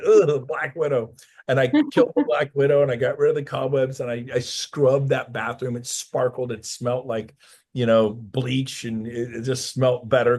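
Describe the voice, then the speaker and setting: A man's voice: mid-range voice, darkish tone. A middle-aged man, a real estate coach, telling a personal story in a casual interview and acting out the voices of the people in it.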